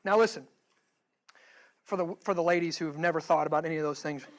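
A man's voice: a little high, fast, a little hiss or hum, rough recording. A male pastor preaching a sermon, pressing the listeners with emphatic rhetorical questions.

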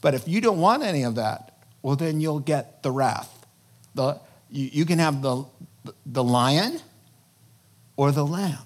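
A man preaching a sermon in an animated, conversational way, breaking into sudden loud emphasis. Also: fairly high pitch, a little slow, pauses often. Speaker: pastor.

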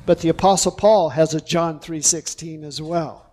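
A male pastor preaching a sermon, deliberate and emphatic, drawing out key words. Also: on the high side, fairly even intonation, dark tone.

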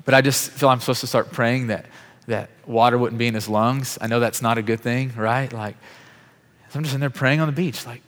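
A lively storyteller recounts his testimony during a sermon, voicing the characters he quotes and talking casually with words like "bro" and "like." He has a mid-range voice and a fairly quick pace, with the long reverberation of a big hall around him.

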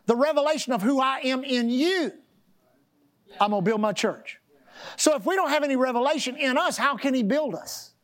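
A woman with a somewhat high voice delivers a sermon, reading scripture slowly and emphatically while having the congregation repeat phrases back to her. Now and then she clears her throat or coughs.

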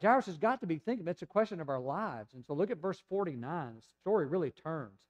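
A man from the United States preaching a sermon in a conversational storytelling way, sometimes dropping to a soft, hushed voice. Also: a little high, expressive, quick pace, highs cut off. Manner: conversational storytelling, acting out voices of people in the scripture passage; drops to a soft, hushed voice in tender passages. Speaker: pastor.

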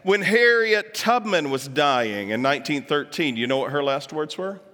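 A man with a bright, forceful voice talks to a live audience, cracking jokes and asking them questions. His words ring out with a long reverb from a large hall around him. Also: a little high, lively intonation, normal speed. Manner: chatty, joking asides, puts on voices for quotes. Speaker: speaker addressing an audience. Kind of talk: lively talk to a live audience.

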